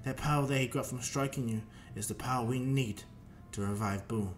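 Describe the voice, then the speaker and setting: A man's voice: medium pitch, brisk, faint music behind, natural voice. A man voicing a scheming, commanding little wizard villain in a fan-made story narration. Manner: eager, commanding.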